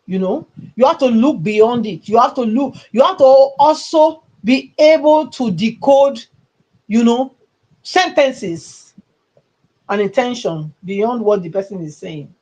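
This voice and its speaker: A woman's voice: fairly high pitch, lively intonation, a little slow, warm tone, dull audio. A woman with a Nigerian English accent hosting a livestream, giving emphatic, rambling political commentary with a mocking edge. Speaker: channel host.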